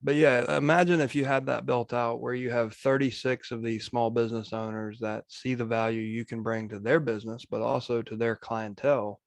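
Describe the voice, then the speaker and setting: A man speaking as a guest coach on a video call, in steady, matter-of-fact coaching talk. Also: medium pitch, normal speed, creaky, hardly any pauses, no echo. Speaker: guest real estate coach.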